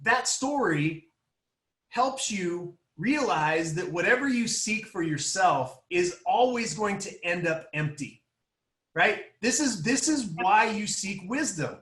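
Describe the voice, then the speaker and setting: A man's voice: sits high, animated, slow, a bit bright, roomy sound. A man hosting a podcast, adding emphatic, preachy motivational commentary with repetitive build-ups. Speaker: podcast host.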